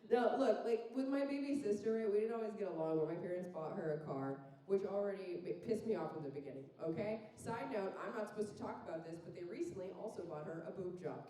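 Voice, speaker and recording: A woman's voice: mid-range voice, lively intonation, brisk, hardly any pauses, mellow. A woman in her thirties from Phoenix doing a chatty, self-mocking stand-up set, riffing with the crowd on a club stage. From Phoenix, Arizona. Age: 30s. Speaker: stand-up comedian. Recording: roomy club sound from a distant mic.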